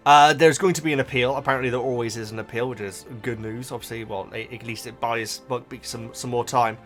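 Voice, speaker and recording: A man hosting a casual book reaction, animated and emotional, with frequent restarts. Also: mid-range voice, fairly quick, faint music behind.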